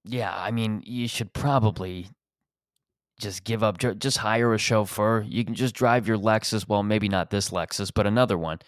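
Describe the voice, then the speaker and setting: A man's voice: fairly low pitch, moderate pace, no room sound, clean studio sound. A man hosting a podcast, riffing in a rambling, profane, sarcastic comedic monologue. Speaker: podcast host.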